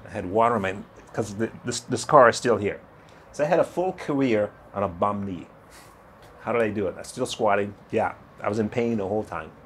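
A man in his sixties, a guest in an interview, telling his life story in a lively way, acting out other people's voices and laughing often. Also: fairly low pitch, fairly quick, slight background noise. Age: 60s. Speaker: guest, retired bodybuilder.

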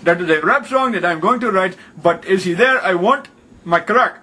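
A man's voice: high-pitched, animated, moderate pace, bright, forceful tone. A man making a prank phone call in an indignant, demanding, mock-serious manner. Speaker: prank caller.

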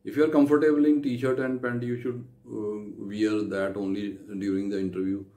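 A man's voice: fairly low pitch, little pitch movement, moderate pace, dark tone, echoey room. A man giving visa interview advice, talking with many fillers and restarts. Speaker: visa advice video host. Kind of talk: unscripted advice talk to camera.

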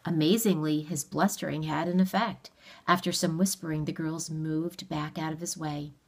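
A woman reading a novel aloud in a steady, measured storytelling manner. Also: low-pitched, creaky, breathy edge. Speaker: audiobook reader. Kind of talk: read-aloud narration of a novel.

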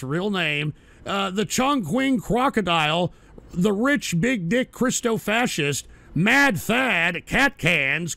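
High, gravelly-voiced profane stream host. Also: male voice, fairly bright tone, no echo. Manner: profane, sarcastic rambling. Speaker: streaming talk show host. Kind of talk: reading chat names on a live stream.

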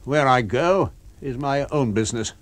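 A man reading a book aloud, voicing a blunt, brave police officer with a husky voice and firm, clipped delivery. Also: medium pitch, normal speed, pitched above the performer's own voice, close to an everyday voice. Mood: resolute.

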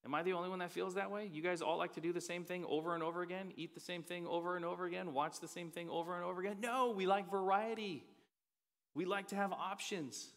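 A man's voice: high-pitched, steady tone, fast, fairly bright tone. A man preaching a sermon as pastor, casual and joking in a conversational way. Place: church auditorium. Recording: reverberant hall.

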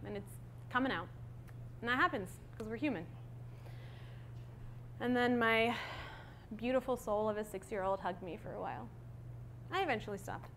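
A woman's voice: sits high, fairly bright tone, a little hiss or hum. A woman in her thirties giving a conference talk on stage, candid and conversational with many fillers. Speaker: conference speaker.

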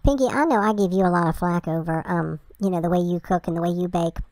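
A woman's voice: lowish voice, fast talker, darkish tone, dry recording. Woman, reaction host, blunt rambling chat, dry recording. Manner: chatty, blunt, rambling with asides. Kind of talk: casual reaction commentary.

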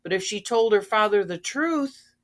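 An older woman reading a children's storybook aloud, gently asking her young listeners questions. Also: medium pitch, animated, moderate pace. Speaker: storybook reader.

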